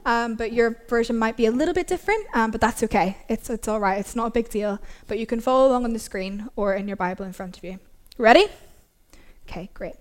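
A woman pastor with a Derry Irish accent, preaching to a congregation in a quick, upbeat way, often asking them questions. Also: on the high side. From Northern Ireland. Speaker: assistant pastor. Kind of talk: sermon and Bible study. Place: church.

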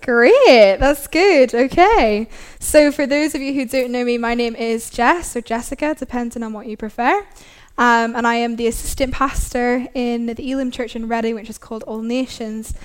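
A woman pastor with a Derry Irish accent, preaching to a congregation in a quick, upbeat way, often asking them questions. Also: fairly high pitch, steady tone, smooth. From Northern Ireland. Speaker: assistant pastor. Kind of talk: sermon and Bible study. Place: church.

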